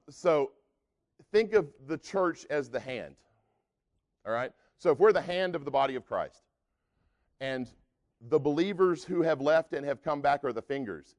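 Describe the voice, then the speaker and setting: A man preaching a sermon in a relaxed, folksy, conversational way, often using casual fillers. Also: mid-range voice, fairly quick.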